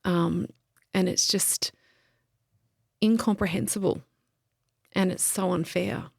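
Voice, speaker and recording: Creaky-voiced woman recounting her loss. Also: fairly low pitch, fairly even intonation, dry recording, clean studio sound. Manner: halting, many ums and restarts. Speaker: podcast guest. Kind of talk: emotional interview, personal story.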